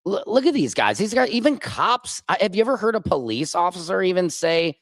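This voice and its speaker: A man's voice: high-pitched, sing-song, brisk, fairly bright tone, dry recording. A man from the United States hosting a livestream. He rants heatedly about politics with a lot of swearing and answers viewers' comments as they come in. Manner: profane, heated, reads viewer comments aloud. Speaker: livestream host.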